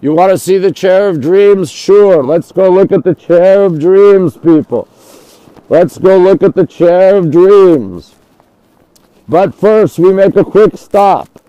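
Chatty high-voiced New man livestreaming. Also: slow pace, dark tone, no echo, highs cut off. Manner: chatty, greets viewers and reads comments. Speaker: livestream host. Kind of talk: live-streamed city tour chat.

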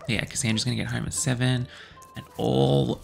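A young man chatting excitedly through a life-sim game as host, gossiping about the drama. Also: medium pitch, normal speed, gravelly, faint music behind. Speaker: let's play host. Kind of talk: gameplay commentary.

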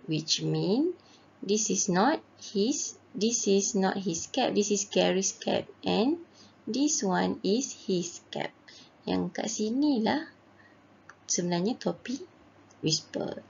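A Malaysian woman teacher talks slowly through a children's story, translating each line patiently for young pupils. Her voice is husky with some fry. The recording sounds dull and lo-fi. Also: mid-range voice, lively intonation. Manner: slow, patient, translates each line and reads quotes brightly. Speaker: primary school English teacher. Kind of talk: bilingual reading lesson.

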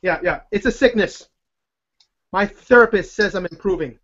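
Jokey excitable man on a lo-fi stream. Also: high-pitched, moderate pace. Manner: jokey, excitable, rambling with self-deprecating asides. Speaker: card magician giving a live online Q&A. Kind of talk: chatty live-stream demonstration. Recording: dull lo-fi stream audio.

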